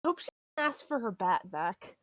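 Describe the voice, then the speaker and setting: Slow-spoken woman player, dry sound. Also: medium pitch, very animated, fairly bright tone, no echo. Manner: casual, laughing easily. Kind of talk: playing a tabletop game.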